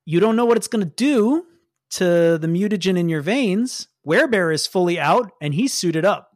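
A game master narrating a tabletop role-playing game in a lively, explanatory way. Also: medium pitch, normal speed, dry recording, clean studio sound. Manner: lively, explanatory, laughs often.

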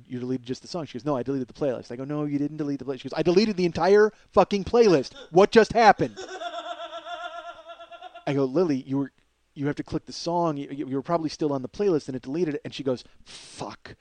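A man hosting a podcast, telling a long story in a casual, animated way, swearing and acting out what people said. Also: mid-range voice, dry recording. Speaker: podcast host.

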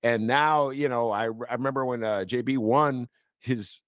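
A male podcast host in casual political talk, getting animated and excited as he goes. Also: medium pitch, normal speed, clear, resonant tone, dry recording, clean studio sound. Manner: animated, gets excited and laughs.

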